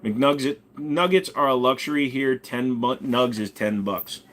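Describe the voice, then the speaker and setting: A man's voice: medium pitch, a little slow. A man hosting a casual ask-me-anything livestream, joking, swearing and reading chat while bidding on items. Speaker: streamer host.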